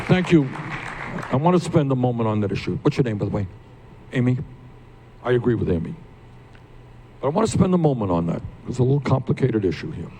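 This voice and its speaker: A man's voice: mid-range voice, big pitch swings, a little fast, long pauses, dark tone, a little hiss or hum. Emphatic older man at a town hall. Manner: emphatic, builds to raised passionate peaks; addresses the crowd directly with questions. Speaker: candidate hosting a town hall.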